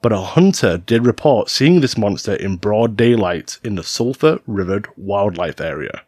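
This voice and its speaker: Man, podcast co-host, lively up-and-down delivery, playful, dry close sound. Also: fairly low pitch, normal speed, breathy edge, no echo. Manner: playful, jokey, swears freely. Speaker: podcast co-host narrating stories. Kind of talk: casual podcast storytelling.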